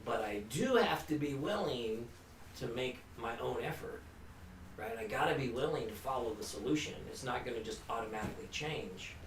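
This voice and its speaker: A man's voice: mid-range voice, expressive, moderate pace. Earnest man lecturing in an echoey room. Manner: earnest, conversational, with repeated restarts and frequent "you know". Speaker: recovery counselor and presenter. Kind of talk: informal lecture to a family group. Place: meeting room. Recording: echoey room, distant mic, faint hum.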